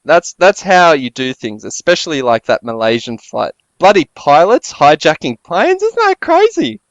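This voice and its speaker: Crude, lively-voiced male podcast host. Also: normal speed, no echo, lo-fi sound. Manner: crude, deadpan banter with sudden jumps in pitch. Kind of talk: casual comedy chat.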